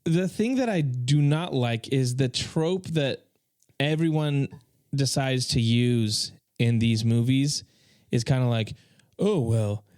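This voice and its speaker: A man's voice: mid-range voice, slow pace, hardly any pauses, a little mellow, clear, resonant tone, no echo, studio quality. A man hosting a casual podcast chat, joking around and slipping into comic voices when he quotes people. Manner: playful, puts on comic voices in quoted bits. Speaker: podcast host.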